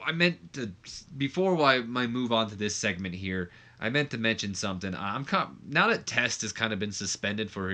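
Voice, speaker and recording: A man's voice: fairly low pitch, bright, forceful tone. A man giving casual, rambling commentary over a wrestling management game, with many fillers. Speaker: gameplay commentator.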